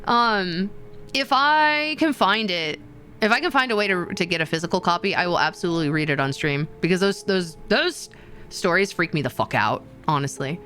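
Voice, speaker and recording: Excitable, animated streamer woman. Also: moderate pace, faint music behind. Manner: animated and excitable, with gasps and sudden high squeals. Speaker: VTuber streamer. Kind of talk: casual stream chat with viewers.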